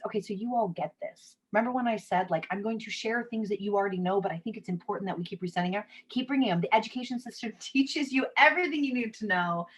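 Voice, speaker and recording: A woman's voice: medium pitch, fairly bright tone. A woman in her thirties leading an online workshop over a video call, talking casually and reading out the audience's chat messages. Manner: conversational, reads audience chat aloud. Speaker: workshop facilitator. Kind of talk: live online workshop talk.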